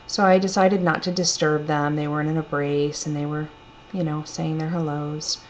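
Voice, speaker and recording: A woman telling a personal story in a gentle, reflective, unhurried way. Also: low voice, flat delivery. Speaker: storyteller sharing a personal testimony. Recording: dull lo-fi recording with faint hum.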